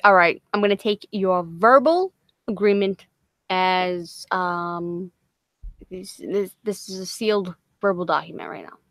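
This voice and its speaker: A woman's voice: lowish voice, unhurried, a bit bright, dry recording, clean studio sound. A woman hosting a late-night livestream, tired and loopy, swearing freely, laughing often and rambling in casual chat. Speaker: livestream host.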